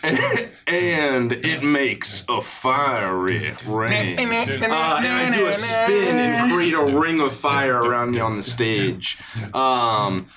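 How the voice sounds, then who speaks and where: Male player, unhurried, animated pitch, crowd sounds behind. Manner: slow, playful, breaks into song. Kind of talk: casual play, describing a stage act.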